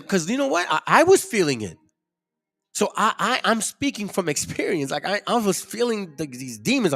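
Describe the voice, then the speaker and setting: A man's voice: high-pitched, wildly swooping pitch, fairly quick, gravelly, fairly bright tone. A man hosting a casual commentary, rambling and repeating himself with slangy asides. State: headache, struggling to focus. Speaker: host.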